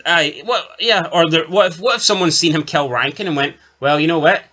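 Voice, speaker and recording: A man on a TV review podcast co-hosts a casual recap of an episode, tossing in jokes and asides while he walks through the plot. His animated voice is on the high side, brisk and sharp-toned.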